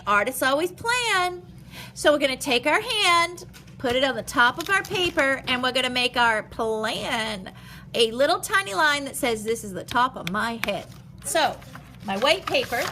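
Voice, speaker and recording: Bright, high-voiced art teacher woman. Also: slight background noise. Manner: animated, expressive, speaks simply to young kids. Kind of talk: step-by-step drawing lesson for children.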